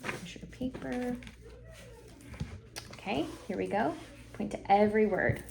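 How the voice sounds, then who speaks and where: A woman reading teacher giving a one-on-one phonics lesson, encouraging and modelling sounds slowly for a young reader. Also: medium pitch, gravelly, noisy background.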